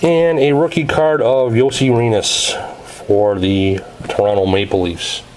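A man of middling pitch talks slowly and steadily as he opens card packs for viewers. He reads out each card's details in a methodical, matter-of-fact way. Faint background noise and card clicks sit under his voice. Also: steady tone, darkish tone, rough recording. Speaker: card break host. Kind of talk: casual narration of opening card packs.

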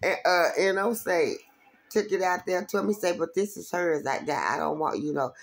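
A woman with a low, gravelly voice tells a rough story from her street days. She swears freely and jumps into other people's voices as she goes. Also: moderate pace. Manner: animated, profane street storytelling with voiced quotes. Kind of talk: casual storytelling.

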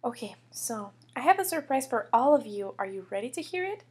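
A woman's voice: on the high side, a little fast, husky, heavily acted. A woman doing a patient kindergarten teacher. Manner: calm, coaxing, motherly. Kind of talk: toy figure storytelling.

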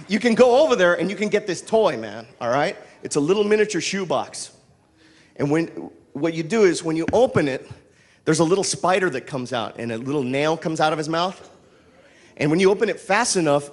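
A man's voice: a little high, animated, normal speed. A man from El Paso with a Texan accent doing a rowdy, profane stand-up routine on a club stage, mixing in Spanish slang. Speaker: stand-up comedian.

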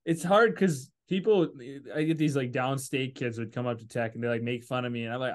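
A man's voice: medium pitch, steady tone, fairly quick, few pauses. A young American man hosting a podcast, rambling easily in casual chat and laughing along. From United States. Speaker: podcast host.

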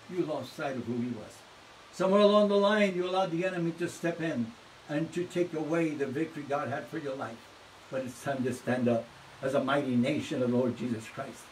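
Fired-up preacher guy, goes quiet then loud, kinda far off the mic with faint hiss. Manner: fervent preaching, swinging from low hushed storytelling to loud exhortation. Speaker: pastor. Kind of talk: sermon.

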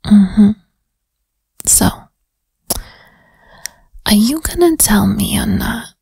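A woman voicing a flirty, menacing female detective in whispered role-play, with a hoarse sick voice and a New York–New Jersey-ish accent. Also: medium pitch, lively intonation, very slow, warm tone, no echo, full character voice. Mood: coaxing. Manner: coaxing, teasing threats.

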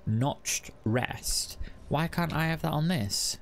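Creaky-voiced man playing a game. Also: on the high side, slow. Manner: chatty, wry, talks to the game. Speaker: gaming video host. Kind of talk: casual let's-play commentary.

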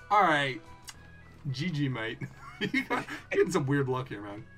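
A man giving casual gaming commentary as a let's play co-host, excitable and laughing often. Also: a little high, unhurried, soft background music.

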